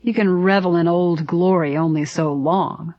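A woman voicing a smooth-talking middle-aged Southern gentleman in a story reading. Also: lowish voice, steady tone, measured pace, no echo, muffled recording, natural voice. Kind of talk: storybook character voice.

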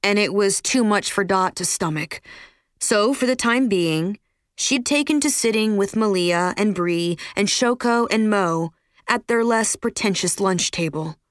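A woman's voice: mid-range voice, measured pace, no room sound. Woman narrating a story, dry close sound. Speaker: audiobook narrator. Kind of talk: scripted narration.

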